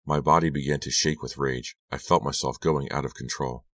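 A man reading an audiobook aloud as first-person narration, steady and measured. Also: extremely low pitch, no room sound, clean studio sound. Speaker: audiobook reader.

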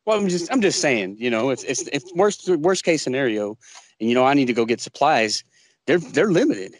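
Teasing, lively man on a dry mic. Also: medium pitch, moderate pace, no room sound. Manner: laughs often, teasing. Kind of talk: casual group chat.

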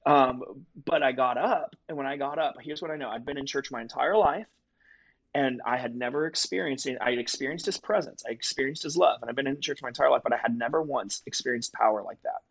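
A man's voice: mid-range voice, brisk, breathy edge, low-quality recording. A man as a podcast guest, telling a personal faith story in an earnest, vivid conversational way. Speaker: guest telling his testimony.

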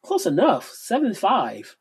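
Man, co-host, high-pitched voice, teasing banter. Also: wildly swooping pitch, slow pace, husky. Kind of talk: casual chat.

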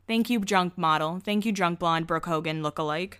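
A young woman talks through a reality show in a loose, gossipy way, acting out what people said and laughing often. Her voice is bright and smooth. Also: on the low side, normal speed. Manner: chatty, laughs often, acts out quotes. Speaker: podcast host. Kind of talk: casual chat recapping a reality show.

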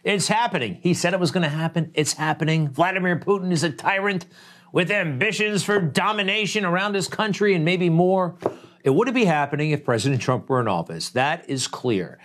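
Speaking fairly quickly, this man has a fairly high, slightly bright voice. He's the host of a political commentary show, delivering an opinionated monologue that's blunt, conversational, and full of rhetorical asides.

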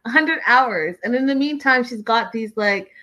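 A woman's voice: a little high, moderate pace, bright, forceful tone, muffled recording. A woman hosting a casual recap, chatty and opinionated, with lots of "like"s. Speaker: reality show recap host.

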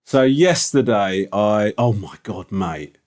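A man's voice: fairly low pitch, lively intonation, slow pace, a little mellow. Rambling, self-deprecating man. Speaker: podcast co-host. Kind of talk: casual chat.

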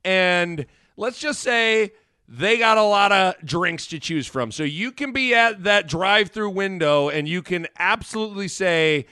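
A man co-hosting a casual sports podcast, excitable and quick to break into laughter and shouts. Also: sits high, clear, resonant tone, no echo, clean studio sound. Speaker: podcast co-host. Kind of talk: casual chat.

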